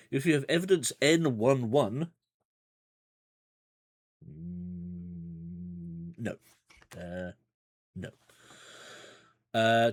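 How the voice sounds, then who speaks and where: A man's voice: medium pitch, husky. A man playing through a gamebook on a livestream, chatty and rambling with side remarks and chuckles. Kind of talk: casual livestream gamebook playthrough.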